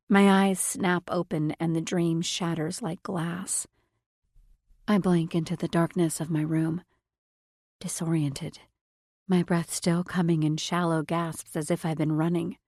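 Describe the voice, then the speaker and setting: A woman narrates an audiobook in the first person with an even, measured delivery. Her voice sits low, and the recording is dry and close, with no room in it. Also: dry recording.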